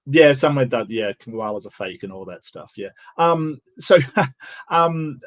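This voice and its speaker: A man's voice: medium pitch, lively intonation, a little slow. A man with a Western Australian accent, a guest on an online call-in chat, who speaks with careful enunciation but halts on many fillers. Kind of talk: casual panel chat.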